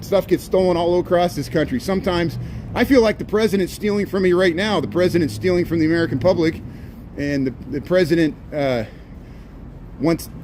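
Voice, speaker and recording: A man's voice: on the high side, a little mellow. A man giving rambling, chatty walking commentary on city streets, with sarcastic asides, recorded on a handheld phone. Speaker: walking tour vlogger. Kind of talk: casual live-stream walking commentary. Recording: street noise and passing traffic.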